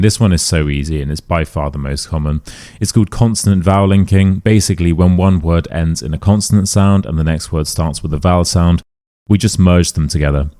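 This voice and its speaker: British man, low mellow voice, patient pronunciation coach modelling phrases. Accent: British English. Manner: slow repeated modelling of phrases. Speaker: accent teacher. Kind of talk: pronunciation lesson.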